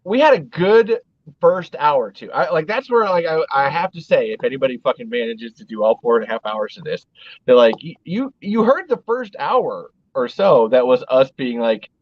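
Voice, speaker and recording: A man's voice: mid-range voice, very animated, normal speed, no room sound, highs cut off. A man hosting a casual podcast chat, rambling with lots of "like" and frequent swearing. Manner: rambling, swears a lot, heavy use of "like". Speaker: podcast host.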